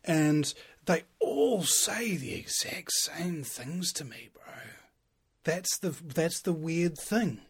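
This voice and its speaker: Husky, lively podcast host, man. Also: on the high side. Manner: emphatic, halting restarts. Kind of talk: casual podcast chat.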